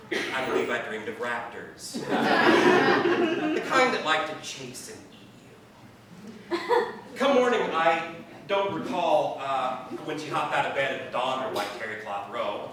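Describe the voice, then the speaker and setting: Wry male storyteller with a lively voice. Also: medium pitch. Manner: wry, drawn-out delivery with dramatic pauses. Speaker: spoken word performer. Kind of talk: live spoken word storytelling. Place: party venue, indoors. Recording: echoey room from far off with audience laughter.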